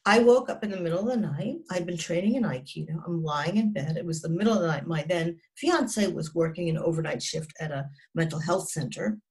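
A woman's voice: lowish voice, brisk, few pauses, darkish tone. A woman in her sixties, a psychotherapist, telling a personal story as an interview guest in an earnest, emphatic way, often restarting and dropping her voice at grim moments.

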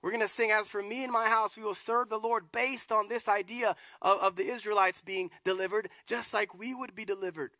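A man, a lead pastor, preaching a sermon in a casual, animated way with acted-out asides. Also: high-pitched, fairly quick, hardly any pauses, no echo.

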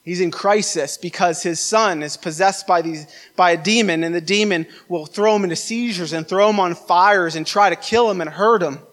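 A man's voice: sits high, normal speed, hardly any pauses, a bit bright. A male pastor delivering a sermon at a church service, telling Bible stories and building to fervent, emphatic exhortation.

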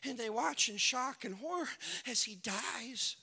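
A man's voice: very high voice, animated, unhurried, vocal fry, pushed and bright, slightly rough. A male pastor preaching a sermon, telling the story in an impassioned, colloquial way. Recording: long reverb of a large hall.

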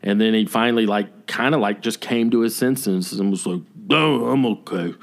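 A man's voice: lowish voice, moderate pace. A middle-aged man, co-host of a podcast, telling a story in casual chat and acting out what people said. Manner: animated storyteller acting out quotes.

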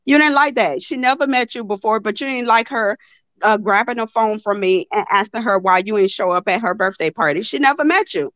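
A young woman, telling a story to a live audience in a blunt, animated way and swearing freely. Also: medium pitch, a little fast, no room sound, muffled recording. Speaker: host of a live talk stream.

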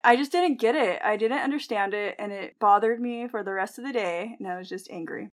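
A woman's voice: medium pitch, fairly quick. A young adult woman co-hosting a casual podcast, telling stories in a chatty way, acting out quotes and laughing often. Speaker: podcast co-host, nurse.

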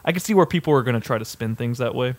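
A man's voice: medium pitch, expressive, very fast. A young man co-hosting a casual sports podcast, blunt and profane, hedging his opinions. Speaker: podcast co-host.

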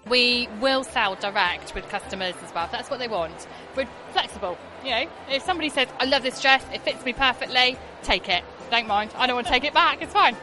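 Bridal shop lady being interviewed, easygoing and frank, a bit high, music playing behind. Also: lively intonation, brisk. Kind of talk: interview answers.

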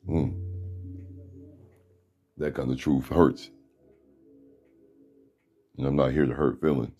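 A middle-aged man hosting a podcast with a deep voice, giving a blunt, profane, preachy motivational talk from a room at home. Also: level tone, slow pace, mellow, faint music behind. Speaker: podcast host. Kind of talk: motivational monologue.

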